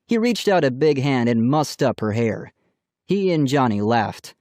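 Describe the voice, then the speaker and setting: A man reading a children's storybook aloud in a steady, plain narration. His pitch moves in a lively way through the lines, and the sound is close and dry with no room around it. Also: measured pace, dry recording. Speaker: audiobook narrator.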